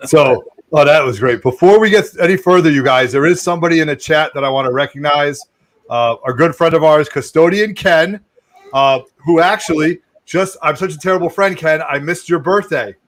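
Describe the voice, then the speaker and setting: A man with a slightly high voice hosts a casual livestream chat. He speaks in an upbeat way, greeting and thanking friends. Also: normal speed. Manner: upbeat, giving shout-outs. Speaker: host.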